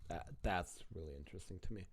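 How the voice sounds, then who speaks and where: A man's voice: sits low, quick pace, husky. A man casually reacting to a video clip, chatting and swearing freely as he talks to his viewers.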